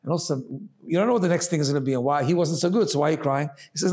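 A man's voice: on the high side, rapid-fire, darkish tone. A man giving a Chassidic Torah class, explaining ideas with rhetorical questions and frequent Hebrew terms. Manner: explanatory, asks rhetorical "right?" often, mixes Hebrew phrases. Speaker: Torah teacher.

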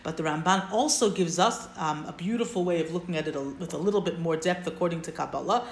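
A woman's voice: fairly low pitch, quick pace. Woman teaching a text class, roomy sound. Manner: explains step by step, checks in with "right?". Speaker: Torah teacher. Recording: roomy echo.

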